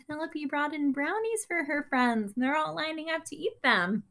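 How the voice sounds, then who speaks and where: A woman reading a picture book aloud to children, with expressive, chatty asides to her young listeners. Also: high-pitched, moderate pace, few pauses. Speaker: story time reader.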